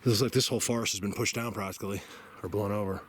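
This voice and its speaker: A man's voice: lowish voice, fairly even intonation, racing, fairly bright tone, slightly rough. A man filming himself hiking through mountain woods, chatting casually to viewers and sometimes out of breath. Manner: chatty, addresses viewers as "you guys". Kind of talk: casual narration while hiking. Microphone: handheld camera mic.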